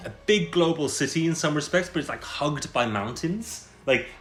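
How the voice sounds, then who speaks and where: A man's voice: on the high side, normal speed. A man co-hosting a travel vlog, joking playfully in a casual chat. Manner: playful, jokey, lively intonation. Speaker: travel vlogger co-host. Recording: echoey room.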